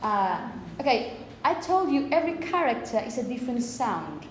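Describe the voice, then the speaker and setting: A woman's voice: on the high side, very animated, moderate pace. A Spanish-speaking woman teaching a phonetics class, explaining step by step and checking in with the students often. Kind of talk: classroom lecture. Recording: roomy classroom, faint background noise.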